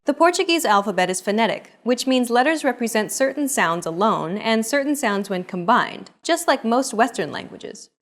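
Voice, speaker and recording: A woman narrating a scripted language lesson in a clear, explanatory way. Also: a little high, lively intonation, normal speed, few pauses, fairly bright tone. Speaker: language teacher.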